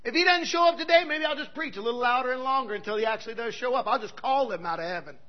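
A male preacher with a very high voice, talking boldly and conversationally to his congregation. He keeps checking in with "right?" and swings between loud bursts and hushed asides. The recording is dull and lo-fi. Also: racing. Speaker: pastor. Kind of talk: sermon.

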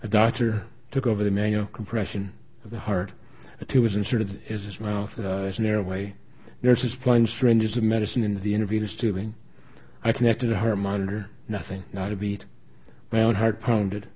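A man's voice: fairly low pitch, level tone, normal speed, slightly rough. A man reading a dramatic first-person story with earnest emotion. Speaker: story reader. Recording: dull lo-fi recording.

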